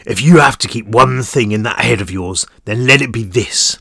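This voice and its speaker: A man's voice: medium pitch, moderate pace, gravelly, pushed and bright, dry recording, clean studio sound. A man growling as a giant menacing guard. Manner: growling threats. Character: giant menacing male guard in a black suit.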